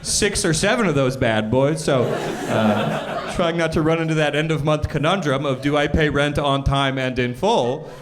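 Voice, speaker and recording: A man's voice: fairly high pitch, moderate pace, crowd noise. Dry self-deprecating young male comic. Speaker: stand-up comedian. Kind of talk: stand-up set. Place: comedy club stage. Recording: live club recording with audience noise. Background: audience laughter.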